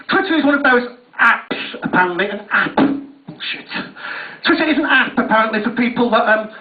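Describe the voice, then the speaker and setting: Young guy doing stand-up, self-deprecating and sweary, tinny phone-like sound. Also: high voice. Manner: self-mocking, sweary, admits nerves. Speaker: stand-up comedian. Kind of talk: stand-up comedy routine. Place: on stage at a university venue. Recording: tinny, distant, echoey live recording.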